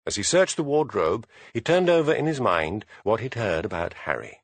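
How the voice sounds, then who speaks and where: A man narrating an audiobook in a measured storytelling manner. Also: lowish voice, very animated, no echo. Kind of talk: scripted narration.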